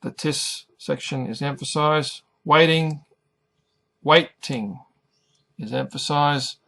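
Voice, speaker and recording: A middle-aged man teaching an English lesson, pronouncing each word carefully and deliberately. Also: a little high, fairly even intonation, gravelly, a bit bright. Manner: careful, over-articulated pronunciation. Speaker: ESL teacher.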